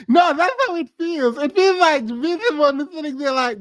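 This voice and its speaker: A woman's voice: sits high, expressive, normal speed, no room sound. A woman streaming her reaction to a clip, laughing often and mocking what she hears in casual commentary.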